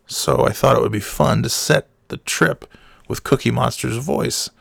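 Guy with a shot hoarse voice, super gravelly, rambling and cussing, dead dry sound. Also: mid-range voice, moderate pace, a bit bright, no room sound. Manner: rambling, profane, laughs mid-sentence. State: hoarse, voice fading. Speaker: vlogger. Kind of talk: casual chat.

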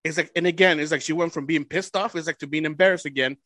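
A man's voice: on the high side, steady tone, fast talker, hardly any pauses, a bit bright, no echo. A man hosting a podcast, telling stories in a casual mix of English and Spanish, swearing and laughing often. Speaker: podcast host. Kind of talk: casual storytelling chat.

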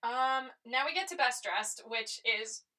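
A woman's voice: a little high, measured pace. A young woman co-hosting a podcast, chatting casually with lots of laughter and quoted reactions. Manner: giggly, animated retelling with quoted reactions. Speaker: podcast co-host. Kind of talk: casual chat.

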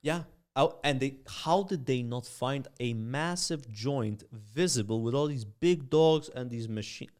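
Young man, podcast guest, rambling, lots of uhs and likes, animated storytelling. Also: mid-range voice, measured pace, few pauses. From Malta. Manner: rambling, filler-heavy, animated anecdotes. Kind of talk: casual storytelling.

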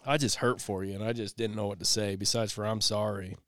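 Man, host, casual storytelling, restarts often, smooth tone. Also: fairly low pitch, steady tone, brisk, a bit bright, no room sound, studio quality. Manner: rambling, storytelling with many restarts. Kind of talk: casual conversation.

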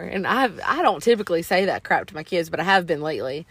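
A woman, co-hosting a podcast and telling stories in a casual, animated way. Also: medium pitch, moderate pace, husky. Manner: animated, acts out quotes in exaggerated voices. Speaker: podcast co-host. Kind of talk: casual storytelling chat.

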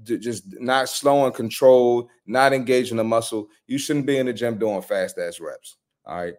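A man's voice: medium pitch, normal speed, darkish tone. A man, a personal trainer, hosting a live reaction stream with blunt, profane, slangy commentary.

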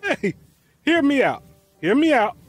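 A high-pitched man hosts a reaction show, loud and animated, with his voice swinging widely as he rants and swears freely. Faint music sits behind him. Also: unhurried. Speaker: host. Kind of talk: profane reaction commentary.

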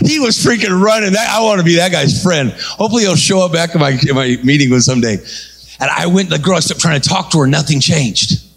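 A man preaching an energetic sermon, telling a story and calling out to the congregation. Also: on the high side, brisk, gravelly, breathy edge. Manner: animated, calls out to congregation.

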